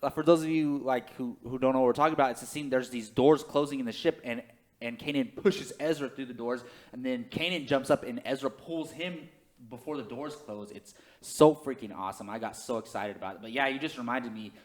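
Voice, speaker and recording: A man co-hosts a relaxed podcast chat, getting excited easily and laughing often. His voice sits at an ordinary middle pitch. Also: fairly quick. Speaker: podcast co-host.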